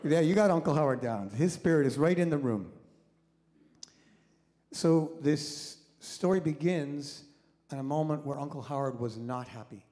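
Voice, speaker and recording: A man's voice: fairly high pitch, moderate pace. A middle-aged man, a doctor, telling a personal story in a sermon and acting out the voices of the people in it. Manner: animated storyteller, acts out quoted voices, engages the audience. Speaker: doctor and guest speaker at a congregation service. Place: congregation hall. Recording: long reverb of a hall.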